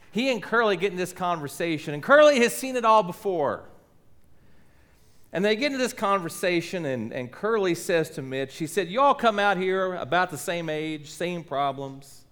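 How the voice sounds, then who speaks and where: A man preaching a Sunday sermon from a church pulpit mic, friendly and questioning, with emphatic pauses. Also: a little high, lively intonation, fairly bright tone. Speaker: pastor. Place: church sanctuary. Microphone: lowered stand or pulpit microphone.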